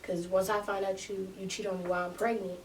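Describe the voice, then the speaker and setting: Young woman telling her story, animated. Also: mid-range voice, quick pace, distant mic, a little hiss or hum, low-quality recording. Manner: animated, slangy, acts out others in quotes. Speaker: podcast guest. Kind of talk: casual storytelling.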